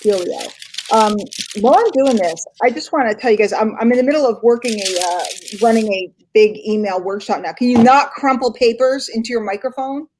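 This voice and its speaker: A woman's voice: fairly high pitch, a little fast, noisy background. Chatty woman hosting a live stream. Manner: chatty, giggly, self-deprecating. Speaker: host. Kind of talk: casual live-stream chat. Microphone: computer mic, screen sharing.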